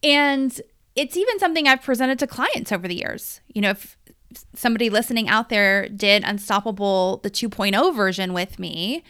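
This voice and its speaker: A woman's voice: mid-range voice, expressive, normal speed, sharp tone, smooth. A woman in her thirties hosting a coaching podcast, telling a personal story in a candid, emotional, confessional way.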